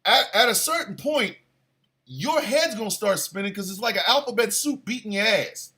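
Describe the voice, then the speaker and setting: A man hosting a show, delivering a crude comedic rant with exaggerated, animated bursts of shouting. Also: high-pitched, normal speed. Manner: crude, playful. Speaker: show host.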